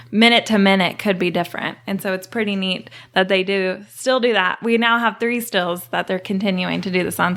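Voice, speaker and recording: A woman guest on a podcast, explaining how her distillery works in a relaxed, chatty way and laughing easily. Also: medium pitch. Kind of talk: casual podcast interview.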